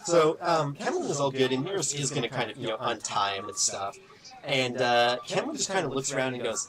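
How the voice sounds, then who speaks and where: A man's voice: medium pitch, very animated, fairly quick, a crowd in the background. A man running a tabletop game as game master, narrating loosely with lots of fillers.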